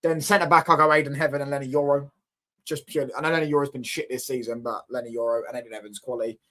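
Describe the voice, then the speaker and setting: Rapid-fire and sharp, with a medium pitch and steady tone, a young man hosts a laid-back football watchalong. He bounces off viewer comments, repeats himself, and keeps asking whether you understand what he's saying.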